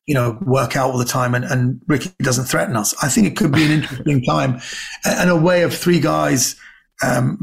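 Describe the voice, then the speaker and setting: A man telling lively anecdotes as a guest, often acting out what other people said. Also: fairly high pitch, creaky. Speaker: guest comedian. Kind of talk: casual storytelling interview.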